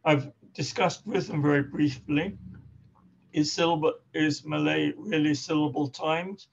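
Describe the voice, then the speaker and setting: A man's voice: a little high, fairly even intonation, a little slow, vocal fry, highs cut off, a little hiss or hum. A man giving an academic seminar talk as a linguistics lecturer, speaking hesitantly with many fillers and restarts.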